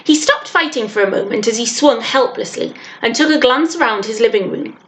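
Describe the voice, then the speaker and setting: A woman's voice: on the high side, a little fast. Woman reading a children's book aloud. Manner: expressive storytelling. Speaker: teacher.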